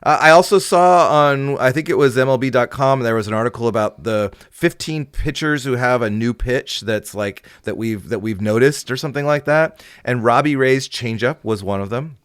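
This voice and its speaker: A man's voice: medium pitch, normal speed, hardly any pauses, a bit bright, smooth, no echo, clean studio sound. A man co-hosting a casual sports podcast, upbeat and easygoing. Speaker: podcast co-host.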